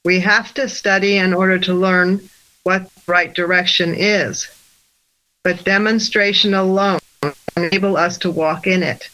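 A man reading a religious text aloud in a measured, deliberate way for a church discussion group. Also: high-pitched, steady tone, bright, forceful tone, poor audio. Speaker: reader.

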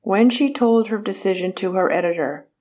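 A woman narrating a biographical book in a measured reading voice, saying the quotation marks aloud. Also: medium pitch, warm tone.

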